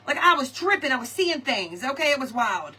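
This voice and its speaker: A woman hosting a craft livestream, telling a story to her viewers in an animated, chatty way and calling them y'all and girl. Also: sits high, brisk, breathy edge, recorded from a distance. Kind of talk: casual storytelling chat with viewers.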